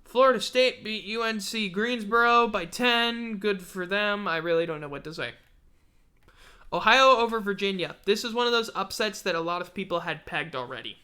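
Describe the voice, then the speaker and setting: A man's voice: high voice, normal speed, bright, forceful tone, smooth. A man hosting a casual sports recap, blunt and sarcastic, tired and yawning. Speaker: host of a sports podcast.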